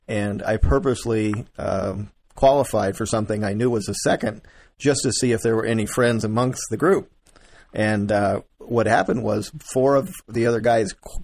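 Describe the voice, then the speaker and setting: A man's voice: on the low side, no echo. Chuckling man, dry close sound. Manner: chuckling, relaxed storyteller. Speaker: real estate investor, host. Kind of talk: casual interview chat.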